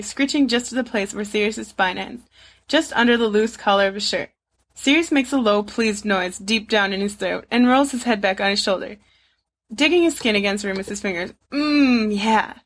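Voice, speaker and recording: A woman reading fan fiction aloud as an audiobook narrator, in an expressive, steady way. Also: mid-range voice, moderate pace. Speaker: podfic reader.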